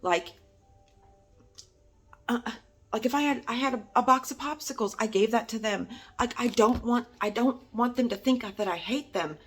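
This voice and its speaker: A woman's voice: fairly high pitch, normal speed, slightly rough, faint music behind. Woman, angry and upset, swearing, repeating herself, personal vlog, outdoors, insects chirping behind. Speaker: vlogger.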